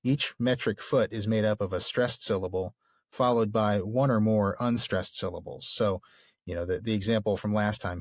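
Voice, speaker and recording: A man's voice: lowish voice, fairly even intonation, moderate pace, dry recording, clean studio sound. A man co-hosting a podcast, explaining literature casually and enthusiastically, with plenty of fillers. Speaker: podcast co-host.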